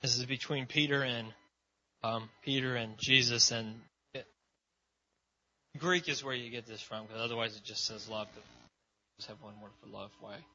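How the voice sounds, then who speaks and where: A man's voice: mid-range voice, fairly even intonation, moderate pace, pauses often, bright, forceful tone. A man preaching a casual sermon in a loose, chatty way, full of "like" and "you know". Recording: dull lo-fi sound.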